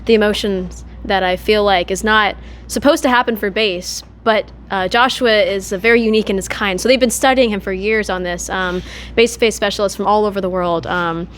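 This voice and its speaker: A woman being interviewed as a guest musician, talking in a rambling, halting way with many fillers. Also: mid-range voice, steady tone, slight background noise. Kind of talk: casual interview chat.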